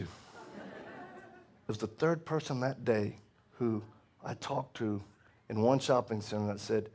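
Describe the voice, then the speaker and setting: A middle-aged man preaching a testimony sermon to a live audience, laughing often and swinging from loud outbursts to hushed tones. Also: mid-range voice, sing-song, takes it slowly, pauses often, a little hiss or hum.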